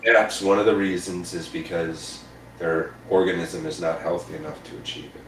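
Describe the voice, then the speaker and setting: A man co-hosting a casual chat, making dry, slow remarks and short agreements. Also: low-pitched, steady tone, a bit bright. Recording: echoey room with crowd noise.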